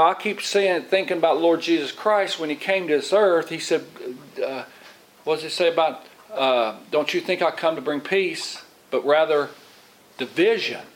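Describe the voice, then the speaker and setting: A man's voice: fairly high pitch, rough recording. Rambling middle-aged male lay preacher. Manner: rambling, repeats and restarts, acts out quoted voices. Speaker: lay preacher, Bible teacher. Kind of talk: informal sermon.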